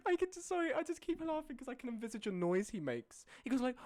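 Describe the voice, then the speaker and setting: A streamer casually ranking images, often breaking into high laughing fits and then dropping into low, sweary mutters. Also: very animated, moderate pace, a little mellow, no room sound, studio quality. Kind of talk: casual live-stream commentary.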